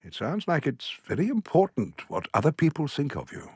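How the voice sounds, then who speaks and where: An actor voicing a calm middle-aged British therapist who speaks in a measured, probing way. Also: male voice, on the high side, breathy edge, no echo, studio quality.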